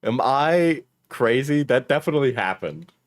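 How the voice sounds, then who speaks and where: Young male streamer, casual and profane, dry close sound, mid pitch. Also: lively intonation, moderate pace, no echo. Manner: loose, profane, laughs often, mumbles while searching. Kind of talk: casual stream chat, reacting to clips.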